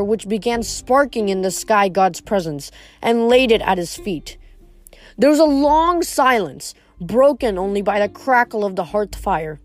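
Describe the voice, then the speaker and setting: A woman reading a novel aloud in first person, steady, with the odd stumble over a word. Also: on the high side. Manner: steady first-person storytelling with small slips. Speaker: reader.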